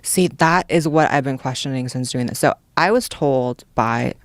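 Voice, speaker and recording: Chatty podcast guest telling a story. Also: male voice, medium pitch, normal speed, no room sound. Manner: earnest, chatty, quotes people in dialogue. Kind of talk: casual chat, storytelling.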